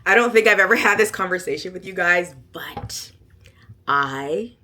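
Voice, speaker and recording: Bright, forceful middle-aged woman vlogger. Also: fairly low pitch, moderate pace. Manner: animated and emphatic, breaking into laughter and loud exclamations. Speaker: lifestyle vlogger. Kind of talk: casual chat to camera.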